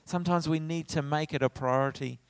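Man, middle-aged, pastor's sermon, slightly high voice, dry close sound, animated storytelling. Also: brisk, clean tone, no room sound. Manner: animated preaching, voices his own lines when telling stories. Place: church hall.

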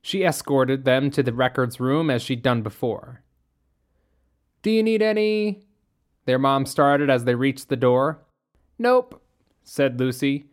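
Steady storyteller reading a novel. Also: mid-range voice, moderate pace, few pauses. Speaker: narrator. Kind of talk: audiobook reading.

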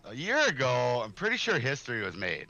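Man, podcast co-host, joking, lively pitch, bright tone. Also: no echo, muffled recording. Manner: lively, joking, quick to laugh. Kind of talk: casual chat.

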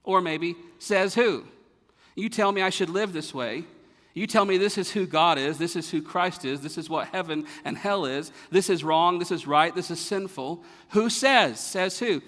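A pastor preaching a sermon, building to emphatic rhetorical questions and then dropping to a quiet, low delivery. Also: male voice, moderate pace. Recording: long hall reverb.

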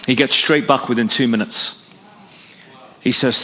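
A man from Northern Ireland preaching a sermon, swinging between bold, raised lines and low, quiet emphasis. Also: a little fast, pauses often. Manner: dynamic preaching, drops low and soft for emphasis, rises for acted quotes. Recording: echoey hall recording.

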